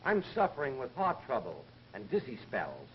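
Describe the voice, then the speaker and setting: A man's voice: medium pitch, wildly swooping pitch, normal speed. An actor playing a cheeky male insurance salesman who flirts and wisecracks. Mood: flirty. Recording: 1930s film soundtrack, dull and hissy.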